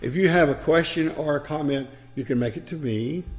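A man's voice: fairly high pitch, brisk. A man preacher delivering a sermon, telling stories with chuckles and asides.

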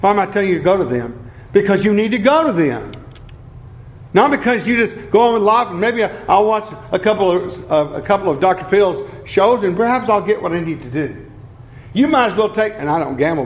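Male preacher, middle-aged, fairly high voice, earnest sermon delivery with emphatic repeats. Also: lively intonation. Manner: earnest, slows down for emphasis, repeats key phrases.

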